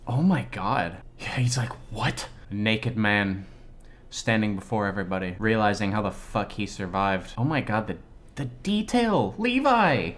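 A man giving excitable, slangy live reaction commentary on an anime episode, exclaiming and swearing often. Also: lowish voice, normal speed.

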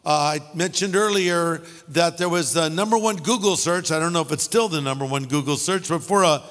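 A middle-aged man with a high, light voice preaches in a big hall with a long echo. He tells funny stories and makes wry asides, and faint music sits behind him. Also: brisk, fairly bright tone. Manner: storytelling with jokes and asides. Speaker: pastor. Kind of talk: humorous sermon.

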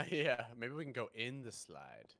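A man's voice: mid-range voice, very animated, measured pace, a bit bright, no echo. A young man hosting casual co-op gameplay, joking, swearing and exclaiming at scares. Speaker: gaming channel host.

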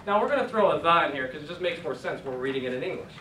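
A man's voice: on the high side, expressive, rapid-fire, hardly any pauses, bright, forceful tone. Male teacher, patient, playful, leads drills; roomy distant classroom recording. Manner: patient, joking, leads call-and-response drills. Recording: echoey room from far off, faint noise.

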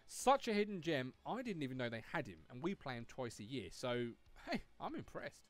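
A man's voice: medium pitch, big pitch swings, normal speed. A man hosting a video game guide in a chatty, upbeat, conversational way. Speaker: host.

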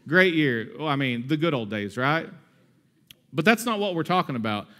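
A man in his thirties preaches to his church with a fairly high voice. He talks energetically and conversationally. He slips in humorous asides along the way. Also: big pitch swings, normal speed, a bit bright. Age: 30s. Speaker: pastor. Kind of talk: sermon.

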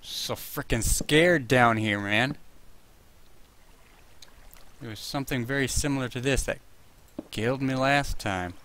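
A man's voice: mid-range voice, unhurried, long pauses, fairly bright tone. A man casually commenting on his own gameplay, chatting to himself and yelping at monsters.

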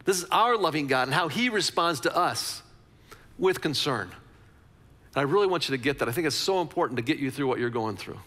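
A man's voice: fairly high pitch, animated, brisk, sharp tone, big-room sound. A man preaching a conversational sermon as a pastor, repeating phrases for emphasis.

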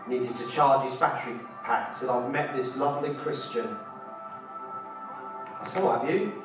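A man preaching at a conference, fervent and repetitive, shifting between loud exhortation and quiet storytelling. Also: medium pitch, moderate pace. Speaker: street preacher. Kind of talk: conference sermon. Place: large conference hall. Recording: echoey hall from a distance with faint music.

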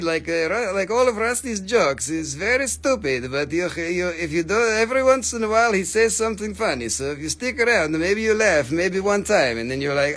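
Male host of a live rock sale; rambling, jokey and profane, slightly high-pitched. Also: lively intonation, moderate pace, few pauses, fairly bright tone. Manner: forgetful, filler-heavy. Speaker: host selling rocks on a live stream. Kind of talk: casual live sales chat.

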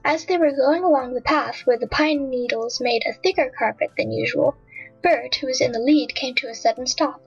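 A woman with a high, husky voice reads a children's adventure story aloud. The sound is dull and lo-fi, with faint background music. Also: moderate pace. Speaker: audiobook narrator.

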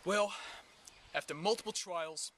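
A man hosting a parody survival show outdoors in the woods, with deadpan how-to narration that breaks into comic ranting. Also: sits high, unhurried, distant mic. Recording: outdoor recording with clear background noise.

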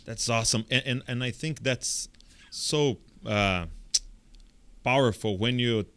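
Podcast host reacting eagerly. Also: male voice, medium pitch, fairly bright tone, clean tone. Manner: short encouraging reactions, halting phrasing. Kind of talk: conversational interview.

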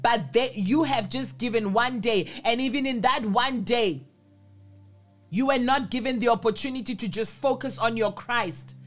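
A woman preaching with an earnest, insistent delivery. She keeps coming back to the same phrases to drive her point home. Her voice sits a little high, and faint music plays beneath her. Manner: earnest, repeats phrases for emphasis. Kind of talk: sermon.

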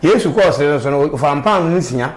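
Animated high-voiced man. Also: fairly quick, low-quality recording. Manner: animated, emphatic, with sudden exclamations. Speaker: interviewee. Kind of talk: casual street interview.

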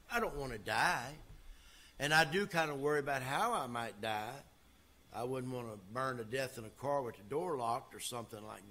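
Man, pastor, sermon, folksy, emphatic, mid-pitched voice. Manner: folksy, emphatic preaching with big swings in loudness.

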